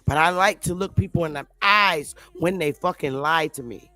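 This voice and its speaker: A woman's voice: low-pitched, normal speed, bright, forceful tone, dry recording, soft background music. A woman ranting in an unscripted opinion monologue, blunt and defiant, swearing heavily and repeating her points for emphasis. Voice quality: defiant, combative delivery. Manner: blunt, heavy profanity, emphatic repetition. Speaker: commentary vlogger.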